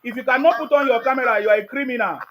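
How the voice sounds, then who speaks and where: A man's voice: very high voice, rapid-fire, fairly bright tone, a little hiss or hum. A man with a Nigerian accent hosting a heated live call-in debate, combative and repeating his demands insistently. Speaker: host of a live call-in stream.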